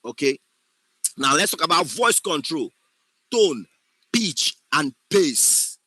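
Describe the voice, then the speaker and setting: Bright, emphatic acting teacher. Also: male voice, on the high side, very animated, takes it slowly, no room sound, poor audio. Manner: emphatic, often checks understanding. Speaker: acting instructor. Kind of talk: classroom lecture.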